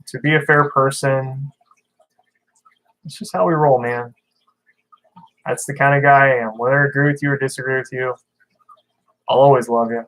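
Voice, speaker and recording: A man's voice: mid-range voice, fairly bright tone, rough recording. A man chatting casually on a livestream, rambling as he reads out viewer comments and talks about his tanks. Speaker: fish-keeping livestreamer.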